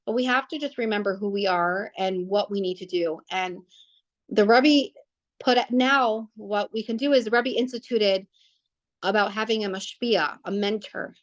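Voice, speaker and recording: A woman's voice: medium pitch, moderate pace. A young woman telling a family story casually, rambling with restarts and fillers.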